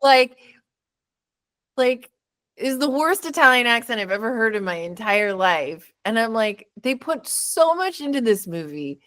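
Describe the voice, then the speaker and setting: A woman hosts a podcast and talks casually about a movie in a fairly high voice, a little on the slow side. Her delivery is animated, full of laughter and mocking impressions.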